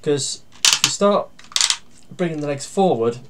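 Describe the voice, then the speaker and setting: A man giving a casual toy review. He talks through each step while handling the toy, pausing and using fillers, and grumbles dryly about its flaws. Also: on the high side. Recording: steady background noise with plastic clicks.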